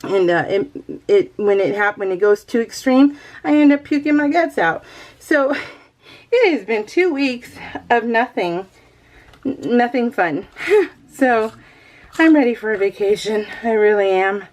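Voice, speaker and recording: A woman's voice: a little high, lively intonation, a little slow, long pauses, darkish tone. Chatty, rambling woman vlogger. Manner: chatty, rambling, laughs often. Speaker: crafting vlogger. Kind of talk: casual chat.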